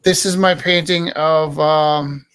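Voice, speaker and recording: A man's voice: fairly high pitch, fairly even intonation, takes it slowly, a bit bright, a little hiss or hum. A man in his fifties, an artist auctioning his own paintings in a rambling, self-deprecating, jokey way. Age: 50s. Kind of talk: casual live-stream chat. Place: art studio, indoors.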